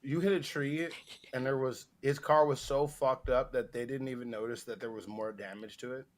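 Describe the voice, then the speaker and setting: A man's voice: mid-range voice, steady tone, normal speed. Man rambling casually with profanity. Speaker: podcast co-host. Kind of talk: casual chat.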